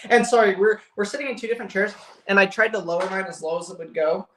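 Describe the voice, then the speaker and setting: A young man chatting casually on a family live stream, easygoing and quick to laugh. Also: high-pitched, bright, forceful tone, a little hiss or hum. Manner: easygoing, laughs often, talks over partner. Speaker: vlog co-host. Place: home office room. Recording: roomy echo.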